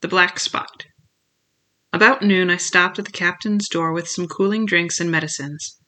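A narrator reading a novel chapter aloud in a steady, measured storytelling manner. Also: mid-range voice. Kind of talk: scripted audiobook narration.

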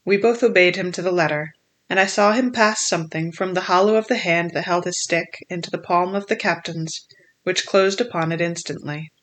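An audiobook narrator reading a classic adventure novel in a measured, steady storytelling manner. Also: medium pitch.

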